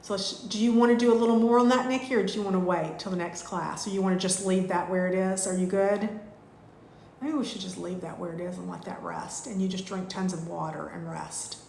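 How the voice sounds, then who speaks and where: A woman, teaching a live online spiritual class in a gushing, heartfelt way with drawn-out thank-yous. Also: on the low side, fairly even intonation, gravelly, a little mellow, a little hiss or hum. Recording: echoey room.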